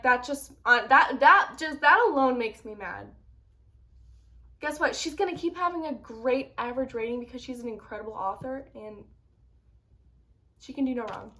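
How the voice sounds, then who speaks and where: Brief: young woman, high voice, casual vlogger, expressive and dramatic. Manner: animated, dramatic outbursts of mock outrage. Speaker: book vlogger. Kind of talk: casual reaction vlog.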